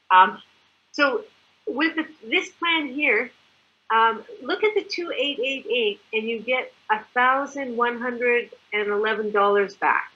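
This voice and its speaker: Lo-fi sound carries a fairly high female voice at a measured pace. As a product distributor presenter living in Mexico, she is animated and chatty, acting out examples throughout her enthusiastic sales presentation.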